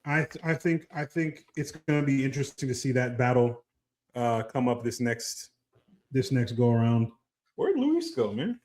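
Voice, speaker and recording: A man's voice: medium pitch, very animated, normal speed, a little mellow. A man co-hosting a casual podcast, ranting animatedly with lots of swearing and laughter. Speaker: podcast co-host. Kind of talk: casual chat.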